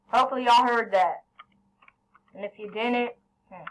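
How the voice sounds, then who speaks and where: A woman commentating her own gameplay, excitable, yelling at teammates and then apologizing. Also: mid-range voice, measured pace, pauses often, low-quality recording. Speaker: gaming channel host.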